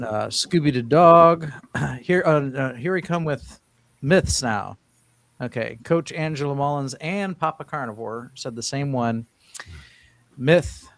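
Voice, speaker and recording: A man's voice: medium pitch, a bit bright, dry recording. A man hosting a casual live-stream panel, talking loosely with frequent restarts. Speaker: host of a diet livestream panel.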